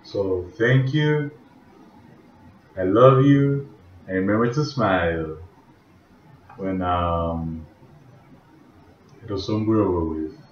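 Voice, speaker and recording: A man with a lowish voice speaks in a slow, halting, rambling way and fills his pauses with "um". He is recorded in an echoey room, and the sound is dull and lo-fi. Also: a little hiss or hum. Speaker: vlogger. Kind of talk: casual rambling vlog with freestyle singing.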